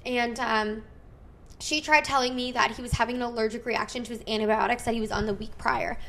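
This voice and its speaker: A woman in her thirties hosts a podcast and casually tells a story in a slightly high, brisk, gravelly voice. Her retelling is animated, packed with "like" fillers and quoted dialogue.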